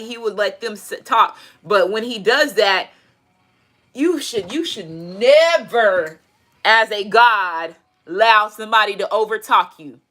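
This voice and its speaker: Reading tarot in a relaxed way, this woman mixes preachy guidance with blunt asides full of profanity. She sounds slightly high, bright and pushed, while music plays faintly behind her.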